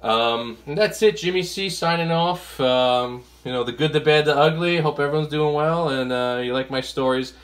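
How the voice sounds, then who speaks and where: A man's voice: on the high side, moderate pace, hardly any pauses. A man hosting a casual comic haul vlog, a rambling storyteller who fills his talk with fillers and acts out what he told people. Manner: chatty, many fillers. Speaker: comic collector vlogger.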